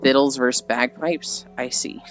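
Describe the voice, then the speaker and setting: Over dull lo-fi audio with faint music behind him, an American livestreamer rambles chattily, reads chat out loud, and laughs at his own tales. He speaks with a steady, fairly bright medium-pitched tone at a measured pace.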